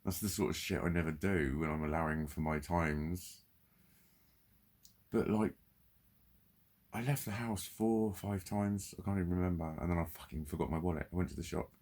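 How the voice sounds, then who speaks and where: Guy venting to camera, husky deep voice, swears constantly. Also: normal speed, a little mellow. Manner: heavy swearing, ranting, candid. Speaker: vlogger. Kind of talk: confessional monologue.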